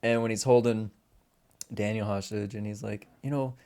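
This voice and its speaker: A man's voice: on the low side, steady tone, moderate pace, dark tone. A man co-hosting a film podcast, chatting casually and animatedly, acting out quoted lines and swearing often. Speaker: podcast co-host.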